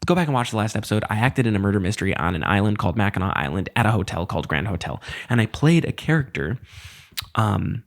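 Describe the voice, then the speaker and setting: A man's voice: lowish voice, lively intonation, quick pace. A man around thirty hosting a casual solo podcast, rambling and self-deprecating in a loose, conversational way. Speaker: podcast host.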